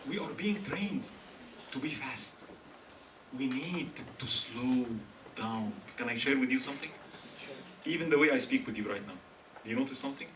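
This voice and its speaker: A man from Egypt speaks to a live student audience on religion with plenty of humor, quizzing listeners as he goes. He has a mid-range voice, lively intonation and a moderate pace. Faint hiss and hall echo come through from the far-off mic.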